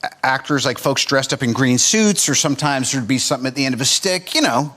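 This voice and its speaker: A man's voice: mid-range voice, expressive, brisk, sharp tone. A man, a talk show guest telling wry, rambling stories. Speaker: guest actor.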